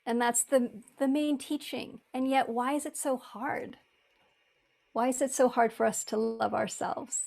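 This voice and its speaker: A woman with a fairly high voice, talking in an earnest, reflective way. She often restarts her sentences and acts out the voices in her head as she goes. She is a spiritual author and teacher, speaking in a conversation. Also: fairly even intonation, measured pace, creaky, darkish tone.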